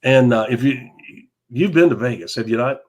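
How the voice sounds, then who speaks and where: A man with a mid-pitched everyday voice tells a rambling anecdote on a live talk show. He gets animated, laughs through his lines and trips over his words. His tone stays casual and chatty. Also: moderate pace. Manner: animated, laughing, repeats words, mild cursing. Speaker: podcast co-host. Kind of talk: casual storytelling chat.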